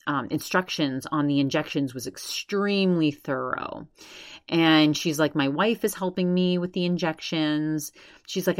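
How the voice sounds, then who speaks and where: Low-voiced woman recapping a podcast. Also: no echo, studio quality. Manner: retells others' words with constant "she's like". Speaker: podcast host. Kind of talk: casual recap chat.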